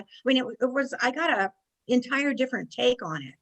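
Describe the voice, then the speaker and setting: Study group member, female, slightly high voice, casual and searching. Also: expressive, moderate pace, a bit bright, poor audio. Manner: searching, conversational, trails off.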